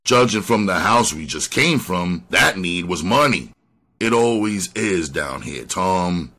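A man's voice: sits low, lively intonation, measured pace, pushed and bright, full character voice. A man voicing a hard, cold male detective who questions in a cool, menacing way.

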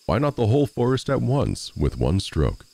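A man's voice: medium pitch, wildly swooping pitch, normal speed, creaky, warm tone, voice pushed up, heavily acted. A man voicing a boastful, cocky little male tailor in a storybook reading, with brash, bragging delivery.

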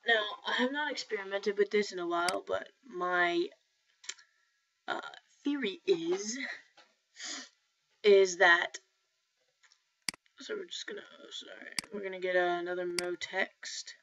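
A woman's voice: medium pitch, unhurried, pauses often, fairly bright tone. Woman, casual screen-recording tutor, chatty and filler-heavy, faint hiss and mouse clicks behind. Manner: rambling, self-correcting, filler-heavy. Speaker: software tutorial maker. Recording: dull lo-fi mic with faint noise.

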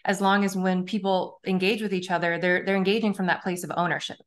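A woman as a podcast guest, answering in a measured way and often hedging with "I think". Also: lowish voice, flat delivery. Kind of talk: thoughtful interview answers.

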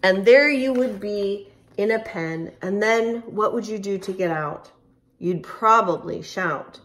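A woman preschool teacher leading young children through circle time and an animal movement game, lively and encouraging, with a sing-song voice that sometimes drops to a whisper. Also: mid-range voice, slow.

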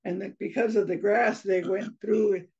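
A woman telling a children's story in an expressive oral storytelling style, slipping in Spanish phrases. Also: medium pitch, moderate pace, gravelly, husky. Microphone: video call. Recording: slightly muffled online video call.

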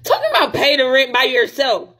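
A woman's voice: sits high, expressive, measured pace, a bit bright. A young woman on a livestream, venting in a heated, profane rant and sounding upset, close to tears.

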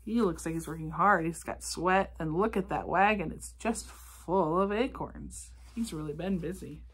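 A woman reading a picture book aloud to children, gently asking them questions about the pictures. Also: fairly low pitch, normal speed, slightly rough. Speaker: children's storybook reader.

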